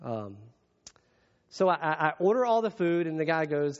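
Pastor guy preaching, kinda high voice, muffled sound w long hall echo. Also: sing-song, moderate pace. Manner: swings from hushed reflection to raised emphatic preaching. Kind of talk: sermon.

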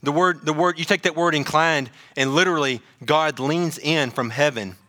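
A man preaching a sermon, animated, joking at times and often repeating words. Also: on the high side, normal speed. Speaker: pastor.

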